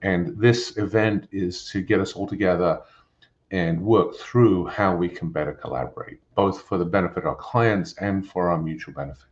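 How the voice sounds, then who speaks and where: Older English-accented founder, deep and measured, on a dull muffled line. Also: male voice. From England. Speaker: company founder and chairman. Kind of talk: webinar introduction. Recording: muffled lo-fi audio with faint noise.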